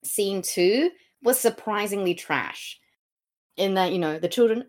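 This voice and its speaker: A woman's voice: mid-range voice, unhurried. A woman co-hosting a podcast in casual chat, sarcastic and sweary, breaking into silly mocking voices. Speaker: podcast co-host.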